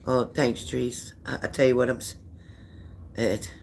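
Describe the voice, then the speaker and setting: A man's voice: mid-range voice, little pitch movement, unhurried, vocal fry, a little hiss or hum. An older man hosting a psychic livestream, tired and chatty, rambling and greeting viewers by name. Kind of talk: casual livestream chat reading viewer comments.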